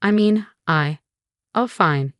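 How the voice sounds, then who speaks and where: A woman's voice: mid-range voice, takes it slowly, dry recording, close to an everyday voice. A woman voicing a meddling, defiant grandmother in a narrated story. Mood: defensive. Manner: scoffing, defiant.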